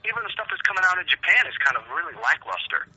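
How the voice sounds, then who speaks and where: A man co-hosting a gaming podcast talks quickly in a bright, somewhat high voice. He tells his stories in an animated, profane way during casual chat. The audio is dull and lo-fi. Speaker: podcast co-host.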